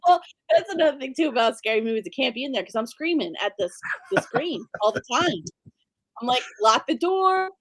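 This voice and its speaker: Animated laughing woman, casual podcast. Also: on the high side, fast talker, dry recording. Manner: animated, laughs often, says "like" a lot. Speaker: podcast co-host. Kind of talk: casual recap chat.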